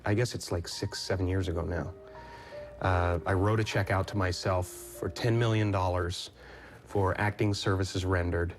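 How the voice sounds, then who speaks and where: A man answering interview questions, halting and moved, with a touch of self-deprecating humor. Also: low-pitched, fairly even intonation, faint music behind. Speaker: interview guest, actor.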